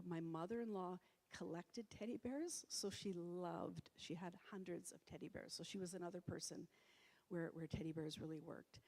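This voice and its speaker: A woman's voice: fairly low pitch, mellow. A middle-aged woman giving a conversational public talk in a church hall, with many fillers and restarts. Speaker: presenter. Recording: reverberant hall.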